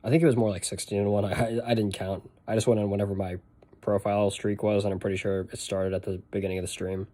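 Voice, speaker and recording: Relaxed Boston-accented man streaming a game. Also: fairly low pitch, fast talker. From northeastern United States. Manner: chatty, rambling, answers chat while playing. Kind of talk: casual gameplay stream chat.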